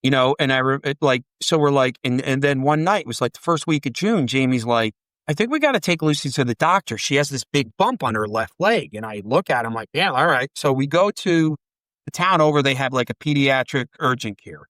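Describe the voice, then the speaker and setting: A man's voice: mid-range voice, brisk, dry recording. A man in his forties, a podcast guest, telling rambling, profane stories in a casual chat and acting out the dialogue. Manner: rambling, profane, animated storytelling with quoted dialogue.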